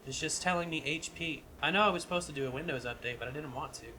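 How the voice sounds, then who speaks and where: Bright-voiced man pitching a script. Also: quick pace, a little hiss or hum. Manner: rambling, profane, frequent restarts. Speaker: podcast co-host. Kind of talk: casual chat pitching a script.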